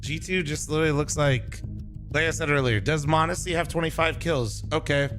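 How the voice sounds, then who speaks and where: A man's voice: a little high, fairly quick, a bit bright. A man streaming, chatting casually to his viewers while watching a broadcast. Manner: chatty, talks over the broadcast to chat. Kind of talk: casual livestream chat. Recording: faint music behind the voice.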